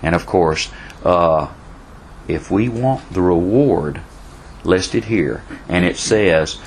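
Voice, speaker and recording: A man's voice: low-pitched, takes it slowly, a little hiss or hum, poor audio. A man teaching a Bible study class in a folksy way, repeating himself and answering questions from the class.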